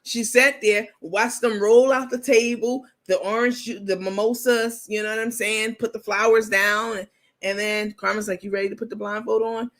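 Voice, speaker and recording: A woman's voice: fairly high pitch, steady tone, moderate pace, a bit bright. Sassy woman hosting a live stream. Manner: sassy, joking, talks straight to viewers. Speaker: livestream host. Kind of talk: casual live-stream commentary.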